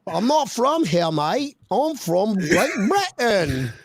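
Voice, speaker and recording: A man putting on a high, prim British gentleman. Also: very animated, takes it slowly, gravelly, no echo, studio quality, exaggerated voice. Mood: mock-posh. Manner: exaggerated mock-posh lilt.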